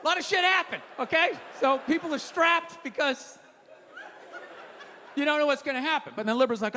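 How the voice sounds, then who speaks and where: A middle-aged man performing a profane, ranting stand-up set with sudden shouted bursts, on a stage before a live audience. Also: very high-pitched, expressive, a little fast. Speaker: stand-up comedian. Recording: reverberant venue with audience noise.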